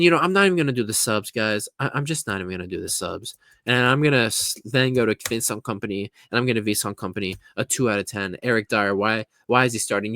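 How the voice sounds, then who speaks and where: A blunt, foul-mouthed man from California, ranting about a football match in a casual, mocking way. His voice sits at a middle pitch for a man. The sound is dry and close, with no room echo. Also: fairly bright tone. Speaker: football reaction vlogger.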